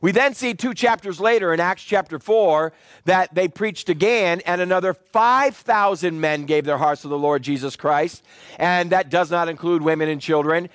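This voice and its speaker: A man's voice: high voice, normal speed, a bit bright, no room sound. A male pastor teaching a sermon, explaining scripture chapter by chapter and asking the congregation to repeat key words back to him. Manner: call-and-response with the congregation; explanatory, citing scripture verses.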